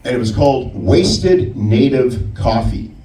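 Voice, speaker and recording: A man doing a stand-up comedy set, telling stories with an animated delivery and putting on voices for people in them. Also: medium pitch, slow pace. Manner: animated storytelling with put-on voices. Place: comedy club stage. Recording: roomy club sound from a distance.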